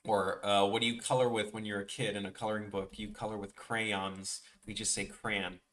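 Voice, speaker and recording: Chicago guy streaming while he draws, bright voice, talks in loops and restarts himself a lot. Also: fairly low pitch, level tone, brisk. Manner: rambling, many restarts, chatting with viewers. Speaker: art streamer. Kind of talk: casual livestream chat.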